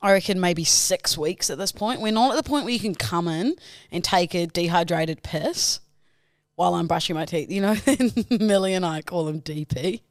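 A woman's voice: lowish voice, normal speed, no room sound, clean studio sound. A young adult woman, co-hosting a casual podcast, teasing and laughing often. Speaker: podcast co-host. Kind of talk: casual chat.

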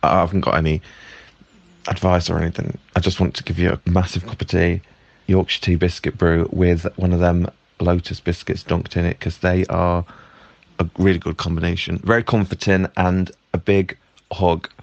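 A man leaving a gentle, comforting voice message for a podcast. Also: deep voice, little pitch movement, normal speed, gravelly, no room sound, dull audio. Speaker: caller leaving a voice note. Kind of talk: warm voice message.

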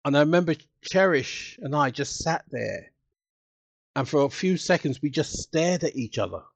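A man recalls his experiences as an interview guest, animated and emotional, acting out the voices of others. His voice sits fairly high with a gravelly edge. The recording is dry and close. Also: normal speed, dry recording. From United Kingdom. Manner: animated, emotional storytelling with acted-out quotes. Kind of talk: casual interview storytelling.

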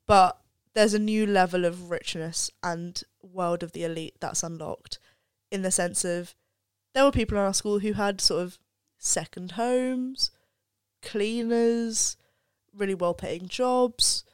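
A young adult woman, appearing as a student guest on a podcast, chats casually and talks candidly and reflectively, swearing freely. Her mid-range voice is smooth and slow-paced, with no room sound.

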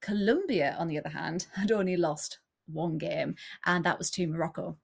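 A woman co-hosting a casual sports podcast, excitable and quick to laugh. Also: fairly low pitch, gravelly, slightly rough. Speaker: podcast co-host.

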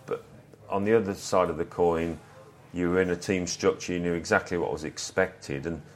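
A man, a former footballer, telling stories from his playing days in a relaxed, reflective interview. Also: low-pitched, moderate pace. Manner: reflective, anecdotal, quotes others.

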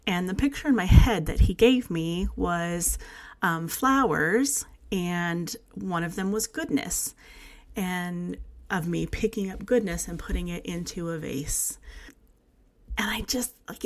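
Woman in her forties, faith podcast host, earnest monologue, soft and heartfelt, slightly low voice. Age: 40s.

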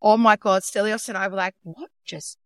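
A woman co-hosting a podcast in casual chat, animated and telling stories with acted-out quotes. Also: mid-range voice, fast talker, clean tone, no room sound, studio quality. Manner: animated storyteller, acts out quotes. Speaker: podcast co-host.

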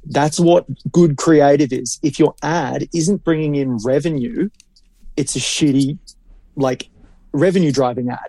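A man's voice: fairly high pitch, unhurried, dark tone, dry recording. A man, co-hosting a podcast as a marketing creative in casual chat, blunt and opinionated and swearing freely.

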